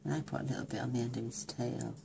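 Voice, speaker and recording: A woman with a remarkably deep voice and a gravelly edge gushes over her colouring, thinking aloud through a card-making tutorial. A faint hiss sits under her talk. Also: steady tone, very fast, warm tone. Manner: gushing, chatty, thinks aloud while colouring. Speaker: craft demonstrator.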